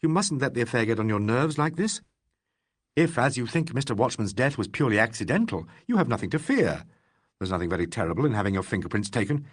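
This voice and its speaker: A man reading an audiobook, voicing a calm police inspector who talks placidly and quietly firm. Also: mid-range voice, quick pace, breathy edge.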